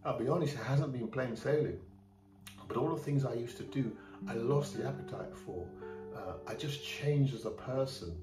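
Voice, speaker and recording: A man's voice: mid-range voice, moderate pace. A middle-aged man from England giving a candid, plain-spoken personal testimony in a church. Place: church hall. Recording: roomy church hall from a distant mic, faint music.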